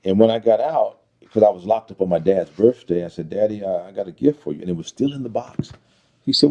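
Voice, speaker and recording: A middle-aged man telling his life story as an interview guest, earnest and reflective, halting with fillers. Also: low voice, warm tone. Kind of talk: personal testimony interview.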